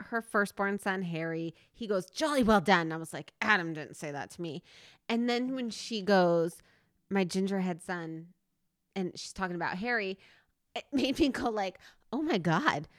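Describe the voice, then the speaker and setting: A woman in her thirties co-hosts a casual podcast, her voice bright and ringing as it swoops up and down. She rambles with plenty of fillers and bursts into laughter, and the sound is close and dry. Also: mid-range voice, no echo. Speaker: podcast co-host. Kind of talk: casual chat.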